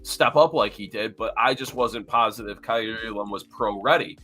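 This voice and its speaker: A man co-hosting a podcast, giving animated fan opinions in casual chat. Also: on the low side, normal speed, husky, faint music behind. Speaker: podcast co-host.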